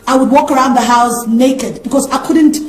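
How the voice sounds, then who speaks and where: A woman from tells her own story in an interview in a high, light voice. She tells it with animation and acts out the voices of the people she quotes. The room adds a clear echo around her. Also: moderate pace. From South Africa. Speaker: interview guest. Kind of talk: personal testimony in an interview.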